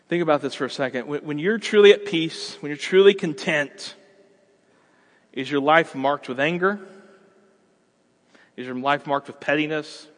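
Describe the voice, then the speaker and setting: Pastor guy in his 30s, kinda high voice, chatty lively sermon, long echo in the church. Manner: conversational, animated, acts out everyday scenes.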